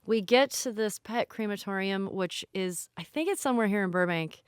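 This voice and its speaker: Brief: woman, thirties, podcast co-host; smooth clean tone, very dry close studio sound, rambling and self-deprecating. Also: mid-range voice, moderate pace, no echo. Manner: candid, rambling, self-deprecating storytelling with many restarts. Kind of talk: casual storytelling chat.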